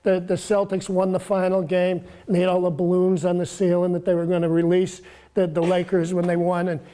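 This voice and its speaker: Soft-voiced man in his seventies, guest author, halting speech with repeated words and chuckles. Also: high voice, completely flat delivery. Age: 70s. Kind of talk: casual storytelling talk.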